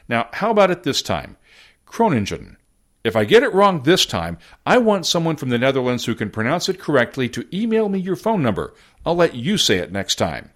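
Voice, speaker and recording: A man's voice: fairly high pitch, a bit bright. A man from the United States hosting a podcast, reading a script in a wry, self-deprecating way. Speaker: podcast host.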